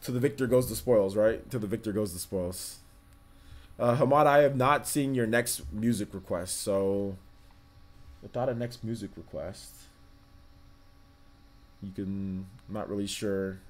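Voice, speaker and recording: A man's voice: lowish voice, unhurried, pauses often. A man hosting a livestream in a casual, rambling way, full of fillers and talking straight to his chat. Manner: rambling, filler-heavy, addresses chat directly. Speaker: livestream host. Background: faint background music.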